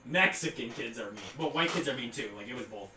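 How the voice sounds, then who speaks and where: A man's voice: mid-range voice, lively intonation, fast talker, sharp tone, far from the mic. A man in his twenties, co-hosting a podcast, telling a rambling story full of fillers and laughing through it. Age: 20s. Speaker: podcast co-host. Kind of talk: casual storytelling chat. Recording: roomy echo, off-mic, faint noise.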